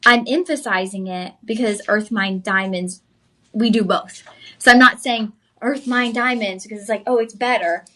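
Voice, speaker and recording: A young woman, hosting a live shopping channel and pitching jewelry with chatty enthusiasm straight to viewers. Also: moderate pace, pushed and bright.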